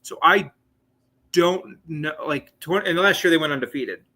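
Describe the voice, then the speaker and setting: A man's voice: a little high, measured pace, bright, forceful tone. A man in his late twenties hosting a live sports talk show, rambling and chatty with many fillers and asides. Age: 20s. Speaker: sports podcast host.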